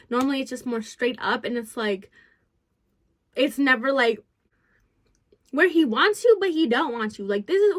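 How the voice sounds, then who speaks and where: A young woman telling her followers a story in a casual, rambling vent, packed with "like" and swinging between low mutters and loud exasperated bursts. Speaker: vlogger. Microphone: phone close by.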